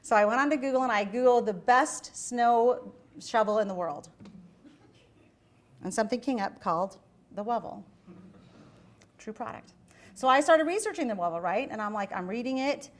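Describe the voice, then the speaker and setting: Middle-aged woman lecturer, chatty storyteller, slightly high voice. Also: moderate pace. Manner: animated, chatty, acts out quoted voices. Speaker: guest lecturer. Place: university lecture hall.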